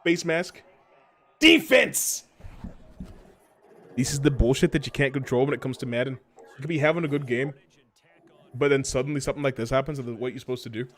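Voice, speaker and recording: A man's voice: mid-range voice, very fast. A man casually chatting and joking while playing a football video game on stream. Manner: rambling, jokey, swings to excited yelps at plays. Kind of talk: casual gameplay commentary.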